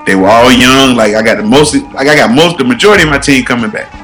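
A man's voice: mid-range voice, quick pace, fairly bright tone, faint music behind. A man who coaches youth football, talking in a laid-back, slangy way with lots of "you know what I'm saying.". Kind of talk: casual chat.

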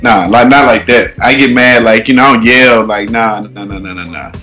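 A man's voice: mid-range voice, normal speed, sharp tone, faint music behind. A man who coaches youth football, talking in a laid-back, slangy way with lots of "you know what I'm saying.". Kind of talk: casual chat.

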